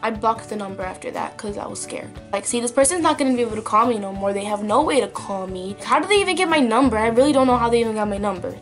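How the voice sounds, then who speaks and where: A woman's voice: on the high side, expressive, fast talker, few pauses, faint music behind. A young woman telling a story to her vlog camera in a chatty, filler-heavy way. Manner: chatty, lots of likes and ums. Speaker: vlogger. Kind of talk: casual story time.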